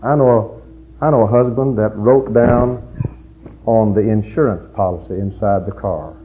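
A middle-aged man preaching a sermon, an animated storyteller who swings from loud outbursts to hushed asides. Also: lowish voice, normal speed, pauses often, narrow, tinny audio, slight background noise. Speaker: pastor.

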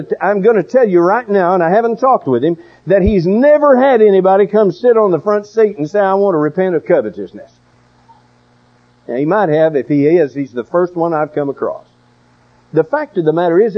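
A man's voice: high voice, highs cut off. An older man preaching a sermon in a folksy, emphatic way, with storytelling asides.

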